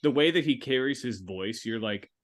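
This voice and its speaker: A man co-hosting a casual podcast chat, soft-spoken and trailing off quietly. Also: mid-range voice, lively intonation, normal speed, no echo. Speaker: podcast co-host.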